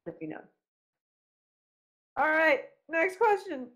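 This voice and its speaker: Female podcast host, brighter higher voice, playful and profane. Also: very animated, takes it slowly. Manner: playful, teasing, swears freely. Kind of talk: casual podcast chat.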